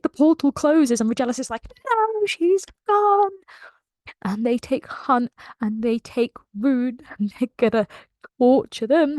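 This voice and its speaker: A woman excitedly recapping a novel in a casual, emotional way, laughing often. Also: high-pitched, no echo, studio quality. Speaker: book channel host.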